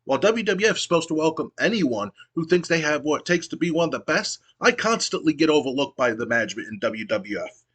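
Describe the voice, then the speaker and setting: A brash male wrestler who whines and demands attention from the crowd, as a man reads his lines aloud. The voice is pushed up high and sounds loud and insistent. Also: very animated, fast, slightly rough, heavily acted. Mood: indignant. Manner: whiny, demanding.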